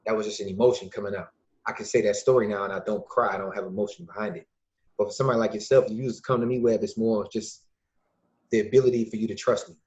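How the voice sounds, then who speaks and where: A man from Illinois, a podcast guest and youth mentor, talking casually and acting out quoted dialogue with lively changes of voice. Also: lowish voice, quick pace. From Lake County, Illinois, USA. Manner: lively storyteller who acts out quoted dialogue. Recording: dull lo-fi recording.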